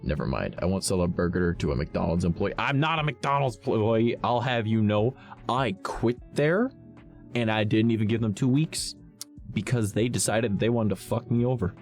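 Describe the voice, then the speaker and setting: A man's voice: lively intonation, moderate pace, darkish tone, soft background music. A man, a streamer telling a story to his chat in a blunt, profane, ranting way. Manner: blunt, profane, ranting with big swings in pitch.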